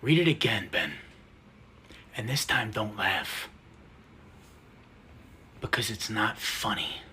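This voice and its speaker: A man giving a mock-serious comedic lecture, intense and deadpan, dropping to whispers and rising to loud outbursts. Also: lowish voice, unhurried, a little hiss or hum. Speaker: comedy sketch creator.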